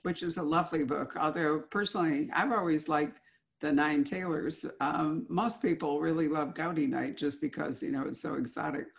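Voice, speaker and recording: A woman's voice: deep voice, moderate pace, vocal fry. A woman interviewing an author, chatty and enthusiastic in a casual conversation.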